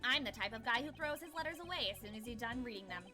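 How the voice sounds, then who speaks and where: A woman's voice: fairly high pitch, expressive, fast, over music, lightly acted. A woman voicing a sneering, scheming male circus ringmaster while reading game dialogue aloud, in a mocking, snide way.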